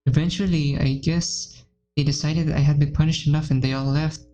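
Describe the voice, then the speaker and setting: A woman reading aloud as a timid, anxious, self-blaming teenage girl in a visual novel game, in a low, mellow voice. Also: fairly even intonation, fairly quick, muffled recording, close to an everyday voice. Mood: recounting.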